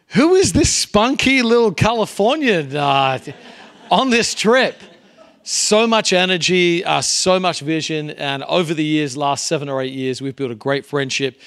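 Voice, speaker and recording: A man's voice: mid-range voice, fairly bright tone. Earnest male guest preacher. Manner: earnest, conversational, varying pace and volume. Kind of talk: sermon. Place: church.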